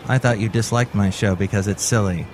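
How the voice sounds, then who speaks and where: A man's voice: fairly low pitch, fairly even intonation, a little fast, a little hiss or hum. A man hosting a comedic podcast, rambling in a playful, wry way. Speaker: podcast host.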